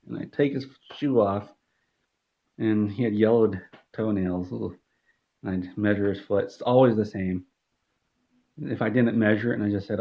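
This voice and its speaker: A man in deadpan comedic storytelling, rambling with restarts. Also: on the low side, moderate pace, long pauses, lo-fi sound.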